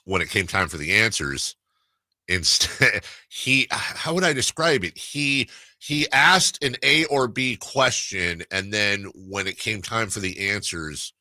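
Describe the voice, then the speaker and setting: A man's voice: lowish voice, expressive, takes it slowly, sharp tone, dry recording. A man hosting a sports radio talk show, telling a rambling story in casual chat with many restarts. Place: radio studio.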